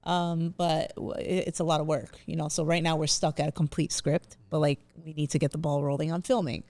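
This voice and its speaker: A woman's voice: deep voice, flat delivery, a little fast, darkish tone, no echo. A young woman comedian talking casually in an interview, chatty and open. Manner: chatty, emotional, laughs through tears.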